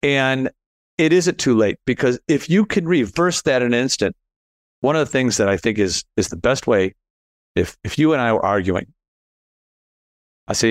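A man's voice: moderate pace, pauses often, no room sound. Guy host telling stories in a mid-range voice, acts out the quotes, dry mic. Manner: animated storyteller, rises in pitch acting out quotes. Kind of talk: casual conversational storytelling.

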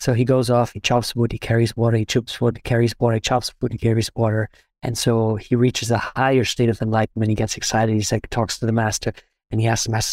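A man being interviewed, telling a parable in a calm, measured way. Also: mid-range voice, no room sound. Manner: calm, measured, repetitive storytelling. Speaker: interview guest. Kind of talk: storytelling in conversation.

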